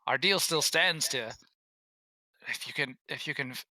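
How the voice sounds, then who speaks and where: A man voicing a gruff male dwarf miner in a halting, attempted Scottish accent. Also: medium pitch, no echo, low-quality recording. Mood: earnest. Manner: loud, halting, fumbled put-on brogue.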